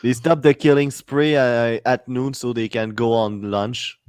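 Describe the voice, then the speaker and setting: A man's voice: medium pitch, steady tone, a little slow, crowd noise. A man making dry, crude quips in casual banter.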